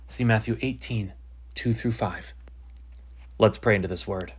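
Husky-voiced man reading and praying. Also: fairly low pitch, measured pace, long pauses. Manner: earnest, devotional, repeats phrases in prayer. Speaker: ministry channel host. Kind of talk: reading a prophecy aloud and praying.

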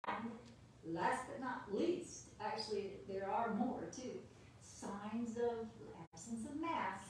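A woman giving a playful lesson for children with her dogs, animated and full of praise, laughing often. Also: a little high, slow, slight background noise. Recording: very echoey room, distant mic.

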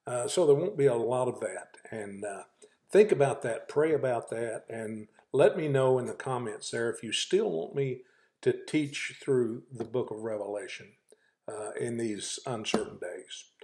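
A man hosting a daily devotional as a pastor, earnest and folksy, with frequent fillers and slow, emphatic scripture reading. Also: medium pitch, lively intonation, darkish tone. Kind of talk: devotional talk.

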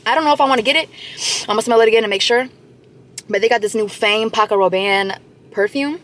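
A woman's voice: on the high side, fast talker, a bit bright. A woman in her twenties talking casually while vlogging, chatty and joking as she tells stories. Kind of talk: casual chat.

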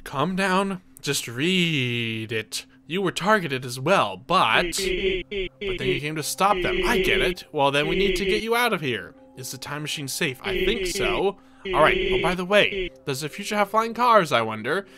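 Excitable high-voiced man playing a game. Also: measured pace, crowd noise. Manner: excitable, yelps and laughs, reads game dialogue aloud. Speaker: gaming video creator. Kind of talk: let's play commentary.

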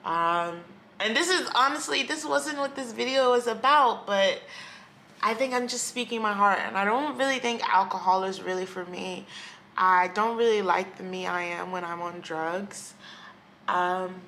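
A woman's voice: mid-range voice, unhurried, sharp tone, slight background noise. A woman vlogging candidly at home by a window, talking in a reflective, rambling and hesitant way. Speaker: YouTuber. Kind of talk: candid personal vlog. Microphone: camera.

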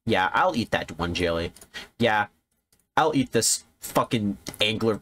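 A man giving casual, profane commentary while streaming a video game, reacting loudly when surprised. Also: lowish voice, unhurried, over music. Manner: swearing, animated, jumps to yelps when surprised. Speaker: gaming streamer.

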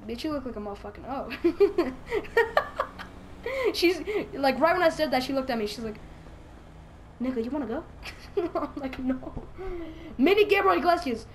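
A young woman with a high, light voice talks over her game in a let's play. She is excitable and crude, jokes nonstop and keeps bursting into giggles. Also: moderate pace, a little hiss or hum. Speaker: gaming YouTuber.

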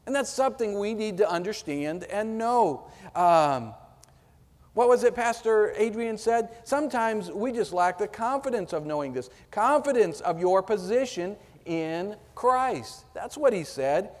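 Slow, emphatic preacher in a reverberant church. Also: male voice, high voice, expressive. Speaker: pastor. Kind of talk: sermon. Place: church sanctuary.

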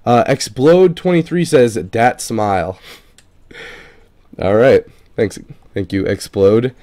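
A man's voice: mid-range voice, expressive, a little slow, warm tone. Casual, profane gaming video man. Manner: loose and profane, swears casually; stumbles over unfamiliar names. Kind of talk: casual reading of viewer comments.

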